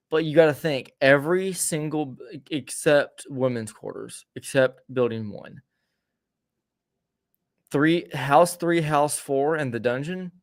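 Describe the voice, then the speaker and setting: A man's voice: on the high side, no room sound, clean studio sound. A man co-hosting a podcast, telling a rambling story in casual chat, with many stammers and restarts. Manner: rambling, stammering restarts, acts out quoted voices. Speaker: podcast co-host.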